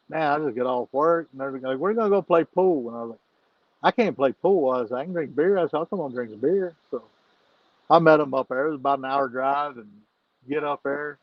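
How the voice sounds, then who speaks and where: A man's voice: medium pitch, no room sound, muffled recording. Man, podcast guest, casual storytelling, frequent laughs, profane, dry close sound. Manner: laughs often while telling stories, swears freely.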